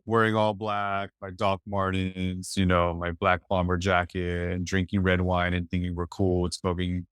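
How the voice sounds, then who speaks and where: A man from East Los Angeles, a podcast guest telling a personal story in a reflective, halting way full of "like". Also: deep voice, smooth, no room sound, studio quality. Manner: reflective, halting, many "like" fillers.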